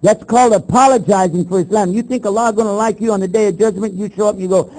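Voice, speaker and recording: A man's voice: high-pitched, quick pace, hardly any pauses, low-quality recording. An older man from Texas, giving a blunt lecture on his faith, acting out both sides of the exchanges in his stories and firing rhetorical questions at the audience. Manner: animated storytelling, acts out both sides of the exchanges. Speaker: Muslim preacher.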